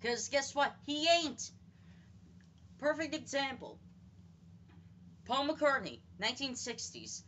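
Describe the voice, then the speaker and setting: A woman delivering a ranting monologue to camera in a high, bright voice. She talks at an unhurried pace, swears freely, and hammers each point by repeating it. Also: slight background noise. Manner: blunt, profane, repeats points for emphasis. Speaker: vlogger.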